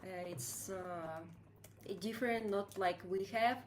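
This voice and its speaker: Russian-accented woman, slow and halting, faint background noise, second-language English. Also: medium pitch. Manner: halting, searching for words. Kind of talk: casual chat.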